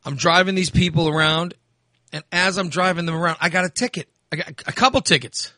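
A man's voice: a little high, fairly quick, bright, forceful tone, no room sound, clean studio sound. A man casually telling a long story in a chat, acting out the voices of people he met and swearing freely.

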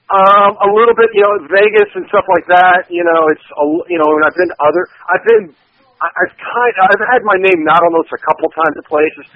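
A man's voice: high-pitched, brisk, no echo, phone-quality sound. A man co-hosting a casual radio chat, talking in a rambling, hesitant way with many fillers.

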